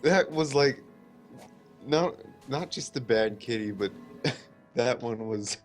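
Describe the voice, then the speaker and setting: Man, co-host, slow soft talk, laughs a lot, faint music behind. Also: mid-range voice, lively intonation. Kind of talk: casual chat while streaming a game.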